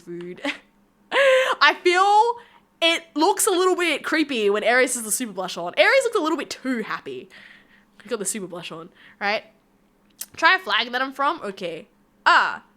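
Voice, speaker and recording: Bright, lively young woman streamer. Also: sits high, normal speed. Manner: playful, chatty, talks to chat while drawing. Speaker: VTuber streamer. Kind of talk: casual live-stream chat.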